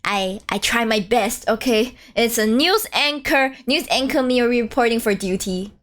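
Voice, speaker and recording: A woman's voice: a little high, measured pace. A young woman chatting casually and playfully while streaming a game, with slang and teasing asides. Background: faint game music.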